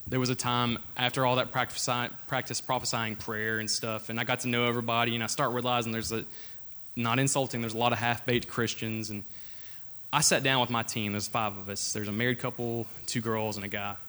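A man's voice: medium pitch, little pitch movement, brisk, bright, forceful tone. Earnest young man preaching a testimony. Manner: earnest, conversational storytelling with frequent restarts. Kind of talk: informal sermon with personal testimony.

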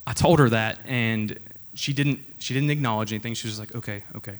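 A man's voice: medium pitch, fast talker. A young man preaching an informal sermon, telling a personal story in an earnest, conversational way before reading scripture aloud.

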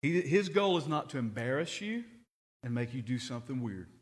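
A man's voice: medium pitch, sing-song, moderate pace. A middle-aged man preaching a sermon, telling stories earnestly and often repeating his words.

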